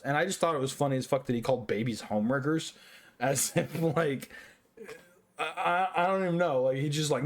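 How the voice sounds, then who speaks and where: A young, slightly tipsy man with a somewhat high voice talks a little fast as he rambles through a casual review of a cartoon film. He swears often, keeps restarting his sentences, and fills the gaps with filler words.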